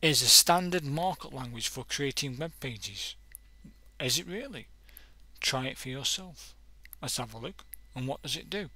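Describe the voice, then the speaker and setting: A man's voice: medium pitch, lively intonation, moderate pace, bright, forceful tone, husky, no room sound. A man hosting a casual coding tutorial, thinking aloud and correcting himself as he clicks through examples. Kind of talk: casual screen-recorded tutorial.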